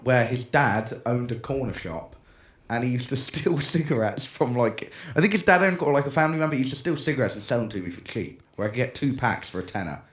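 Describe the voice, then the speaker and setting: A man's voice: mid-range voice, fairly quick. A young man with a British accent, co-hosting a casual podcast, laughing as he tells a long story and acting out the other people in it. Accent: British English. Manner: animated, laughs through his own story, acts out voices. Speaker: podcast co-host.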